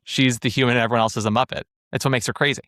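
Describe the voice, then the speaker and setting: A man's voice: medium pitch, racing, no room sound, clean studio sound. A man hosting a podcast, chatting casually and with strong opinions about theater. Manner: opinionated, animated, trails off and restarts. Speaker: podcast host.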